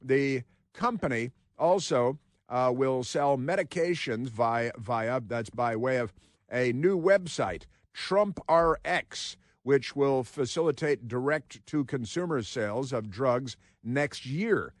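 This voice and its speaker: A man's voice: mid-range voice, slow, no echo, clean studio sound. A man hosting a talk radio show, rambling sardonically between headlines he reads aloud.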